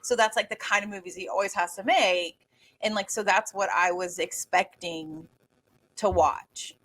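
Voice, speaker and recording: A woman's voice: mid-range voice, steady tone, normal speed, fairly bright tone. Rambling woman, casual podcast chat. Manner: rambling, searches for words, many fillers. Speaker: podcast co-host.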